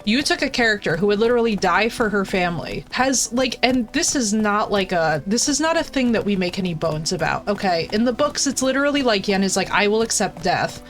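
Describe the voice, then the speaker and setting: A woman game streamer ranting casually to her chat in an animated, profane, emphatic way. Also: mid-range voice, a little fast, hardly any pauses. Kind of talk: casual livestream rant to chat.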